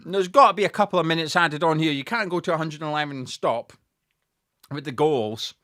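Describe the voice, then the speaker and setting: A man doing live fan commentary on a match, sweary and excitable, talking straight to his viewers. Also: a little high, a little fast, no room sound, studio quality. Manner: sweary and excitable, shouting at goals.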